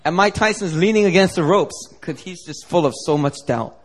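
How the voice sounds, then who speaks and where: A man preaching a sermon as pastor, telling a lively, joking story to the congregation. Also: high-pitched, fairly quick. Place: church service.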